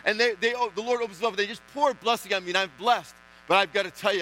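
A man preaching a sermon in a church, emphatic and swinging between hushed lines and loud ones. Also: high-pitched, fast talker, soft background music, poor audio. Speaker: pastor.

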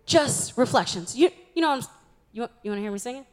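A woman's voice: a little high, lively intonation, quick pace, a little mellow. A young woman giving a humorous church talk, telling stories about herself in a chatty, self-mocking way. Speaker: youth speaker.

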